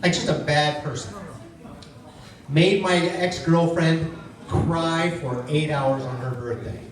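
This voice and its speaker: A man's voice: a little high, fairly even intonation, takes it slowly. Profane man doing stand-up in an echoey club. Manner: loose, profane, storytelling. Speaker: stand-up comedian. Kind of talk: stand-up comedy set. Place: comedy club stage. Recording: echoey club from far off with crowd. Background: audience laughter.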